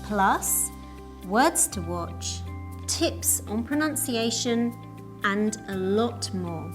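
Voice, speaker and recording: Woman reading out an english lesson, slow and clear, soft music behind. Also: mid-range voice, lively intonation. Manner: slow, clear, deliberate teaching delivery. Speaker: English teacher. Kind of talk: scripted lesson narration.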